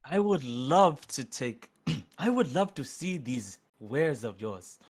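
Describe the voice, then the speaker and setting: A man's voice: mid-range voice, sing-song, slow pace, heavily acted. A man doing a stiff, formal accented traveler. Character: formal, courteous male traveler.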